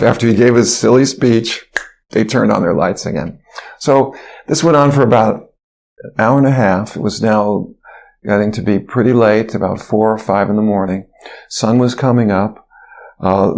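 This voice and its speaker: Older man telling a vivid story. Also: on the low side. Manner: animated storyteller who sings and quotes others. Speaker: interview guest, physician. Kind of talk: storytelling in a relaxed interview.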